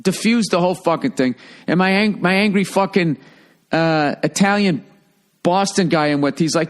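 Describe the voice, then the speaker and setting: Man in his fifties, podcast host, high voice, casual comic storytelling, animated and profane. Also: normal speed. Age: 50s.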